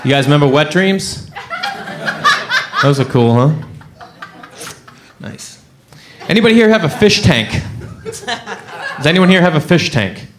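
A man doing stand-up comedy, telling a story and acting out every character's voice with animated swings. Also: on the high side, a little slow, pauses often, a crowd in the background.

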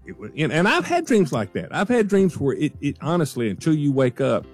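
Radio host, a man with a drawl, lively pitch, acts out every quote. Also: a little fast, faint music behind. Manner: animated, acts out quoted voices. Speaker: radio morning show host. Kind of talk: casual on-air storytelling.

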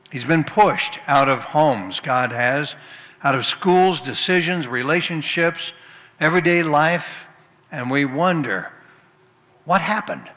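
A man's voice: fairly high pitch, a bit bright. A man preaching a sermon, telling folksy humorous anecdotes before turning to scripture. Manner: storytelling, folksy, with occasional restarts. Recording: long hall reverb.

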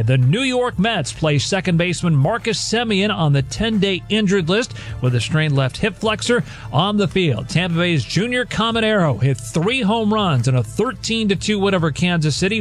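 A man reading a scripted sports news update in a crisp newsreader manner. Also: high voice.

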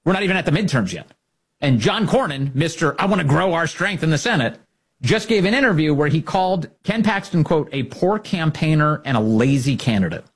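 Sarcastic guy ranting commentary, husky voice that jumps all over. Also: fairly high pitch. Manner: sarcastic, mocking, animated. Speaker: political commentary host. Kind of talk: opinionated political commentary.

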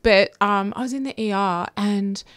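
A woman from Australia hosting a casual radio chat, chatty and quick to laugh. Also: medium pitch, smooth, no room sound. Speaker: radio host.

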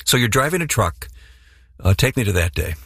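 A man's voice: medium pitch, very animated, a little fast, a bit bright, slightly rough, no echo, clean studio sound. A man hosting an interview, guiding his guest with curious questions. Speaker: interviewer host. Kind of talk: conversational interview.

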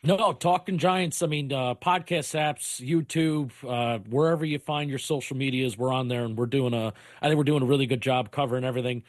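Relaxed man plugging his podcast. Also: medium pitch, brisk, few pauses, no echo, studio quality. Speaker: podcast co-host guest. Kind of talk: casual promo talk.

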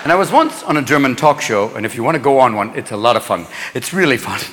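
A man performing a stand-up comedy set on stage, rapid-fire and switching into shouted silly voices. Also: medium pitch, very animated. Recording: live hall recording with crowd noise. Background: laughing audience.

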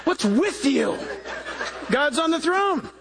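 A man's voice: extremely high pitch, sing-song, takes it slowly, vocal fry. A man preaching a sermon who tells stories and acts out the people he quotes, often repeating himself as he builds a point. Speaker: pastor.

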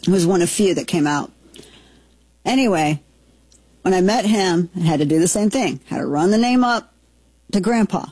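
A woman in her forties from Southern Missouri, co-hosting a chat show and telling family stories in a lively, laughing way. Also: fairly low pitch, normal speed, long pauses, breathy edge, no room sound. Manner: animated storyteller, laughs easily. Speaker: talk show co-host. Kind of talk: casual chat, storytelling.

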